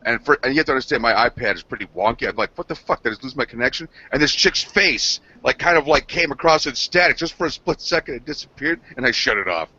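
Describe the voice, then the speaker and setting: A man's voice: mid-range voice, expressive, fast talker, hardly any pauses, sharp tone, slightly rough. A man on a gaming news show, telling a rambling, profane story between laughs. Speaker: podcast co-host. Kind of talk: casual chat. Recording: dull lo-fi sound.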